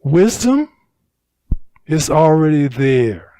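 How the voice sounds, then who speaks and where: A man teaching a Buddhist dharma talk at a retreat center, unhurried and emphatic, repeating phrases to drive points home. His pitch swings widely and sits a little high for a man. The sound is dry and close. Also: big pitch swings, dark tone, no room sound.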